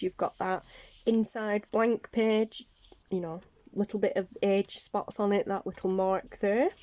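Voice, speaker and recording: A Northern English woman talks through a casual craft show-and-tell. Her voice sits at an ordinary middle pitch. She rambles a little, fills gaps with ums and corrects herself as she goes. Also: mellow. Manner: chatty, rambling, many ums and self-corrections. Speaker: craft vlogger.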